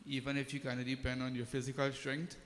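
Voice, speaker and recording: A man's voice: medium pitch, completely flat delivery, fast. A man, a pandit speaking informally and hesitantly to a temple congregation. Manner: hesitant, many ums, friendly. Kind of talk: informal talk at a temple service. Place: temple hall. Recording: reverberant temple hall.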